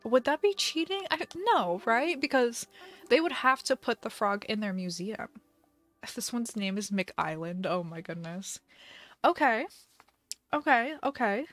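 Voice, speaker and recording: A woman's voice: a little high, big pitch swings, measured pace, fairly bright tone, soft background music. A young woman live-streaming a video game, chatting casually with a giggly, dramatic manner and mock panic.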